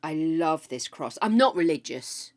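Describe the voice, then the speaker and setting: A woman's voice: low-pitched, expressive, unhurried. An older woman hosting a live stream, chatting casually with viewers in a gushing, easily overexcited way. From United Kingdom. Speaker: livestream host.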